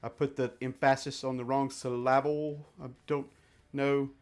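A man's voice: mid-range voice, level tone, normal speed, darkish tone. A man reviewing gear in a casual hands-on demonstration, chatting and thinking aloud as he handles each part.

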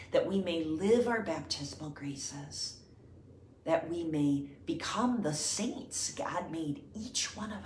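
Woman leading rosary prayers, lowish voice, gentle and reverent, echoey room with faint hum. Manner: gentle, reverent, drops to soft whispers. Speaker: prayer leader.

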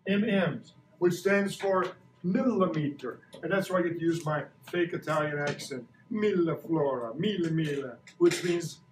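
Older guy teaching a class, jokey, asks lots of questions, recorded far off in a roomy room with faint hiss. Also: high voice. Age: 60s. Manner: playful, quizzing the kids. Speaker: science teacher. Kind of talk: classroom lesson. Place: school classroom.

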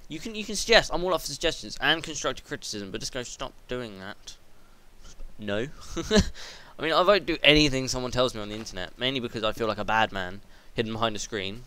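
A man's voice: medium pitch, lively intonation, fast, sharp tone. A teenage boy commentating his own gameplay. He swears freely, rambles, and yelps when something startles him. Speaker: gaming video host. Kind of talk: let's play commentary.

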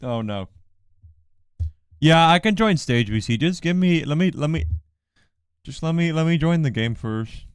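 A man streaming a game live, talking in casual banter, mostly drowsy and mumbling but breaking into loud excited outbursts, teasing his co-host. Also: on the high side, measured pace, pauses often, smooth, no room sound, studio quality. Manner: playful teasing.

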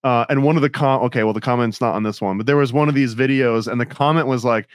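A man hosting a casual podcast chat, relaxed and laughing often, with lots of fillers. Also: mid-range voice, quick pace, hardly any pauses. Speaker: podcast host.

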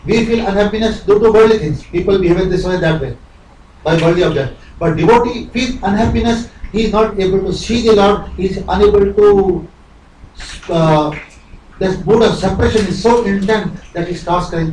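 A man delivers a devotional sermon in a fairly high voice, earnest and rhetorical, slipping into little acted-out dialogues. He sits well back from the mic, so the live recording sounds roomy and echoey. A faint hum of ambience stays underneath. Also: a little fast, darkish tone, distant mic. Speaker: spiritual teacher.

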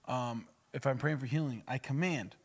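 Male pastor, mid-range voice, talks emphatically in a relaxed podcast chat. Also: mid-range voice, moderate pace, breathy edge. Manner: emphatic, acts out spoken prayers. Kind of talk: conversational podcast teaching.

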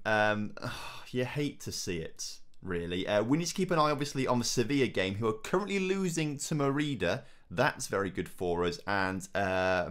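Young man, gameplay commentator, excitable and self-mocking, mid-range voice. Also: medium pitch. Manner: excitable, self-mocking, swings between groans and cheers. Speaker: gaming YouTuber.

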